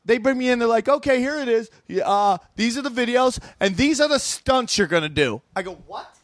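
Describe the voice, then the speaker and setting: High-voiced man telling profane stories. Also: no echo, studio quality. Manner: rapid, profane, animated storytelling with acted-out quotes. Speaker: comedian guest. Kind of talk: casual podcast chat, storytelling.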